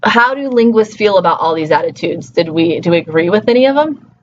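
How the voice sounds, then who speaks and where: A woman gives a relaxed linguistics lecture, checking in with her students through frequent tag questions. The recording is a bit dull, with a faint hum of room noise behind her voice. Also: on the low side, a little fast. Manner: conversational, frequent "okay" and "right" tag questions. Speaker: linguistics instructor.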